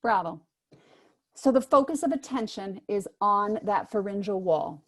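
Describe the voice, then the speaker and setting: A woman voice teacher giving brisk, encouraging instructions to singers in an online workshop, heard over a video call microphone. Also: medium pitch, lively intonation, fairly bright tone. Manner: brisk, encouraging coaching with spoken demonstrations.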